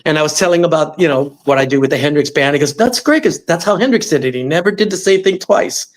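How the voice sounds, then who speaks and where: Middle-aged male storyteller guest, fairly high voice, lively, slips into quoted voices. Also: fast. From Los Angeles. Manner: animated, acts out quoted voices. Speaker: musician guest. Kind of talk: storytelling in interview.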